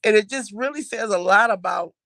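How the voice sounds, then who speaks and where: A middle-aged woman from Texas chats with her viewers in a loose, animated storytelling way, laughing often. Her voice sits at an ordinary pitch, and the recording is close and dry with no room sound. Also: fairly quick, dry recording. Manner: chatty and animated, laughing often, uses Southern US slang. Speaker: mother talking about her son's new job.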